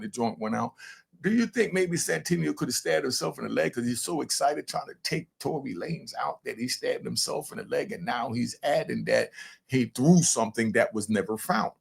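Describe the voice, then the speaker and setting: An older man with a gravelly, husky voice runs a casual commentary show. He talks straight to his viewers in an animated, blunt way, like a grandfather holding court. His pitch sits in an ordinary middle range. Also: a little fast. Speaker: commentator host.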